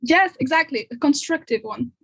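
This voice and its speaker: A woman's voice: sits high, expressive, moderate pace, vocal fry, a bit bright. A young woman from France with a French accent, chatting casually as a podcast guest, laughing often and sometimes searching for her words. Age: 20s. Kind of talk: casual conversation.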